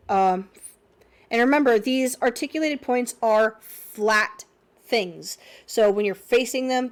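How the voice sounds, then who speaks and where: A woman's voice: medium pitch, darkish tone. A young woman with a slight cold giving an unscripted drawing lesson, thinking aloud with many fillers. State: sniffly cold. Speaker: art teacher.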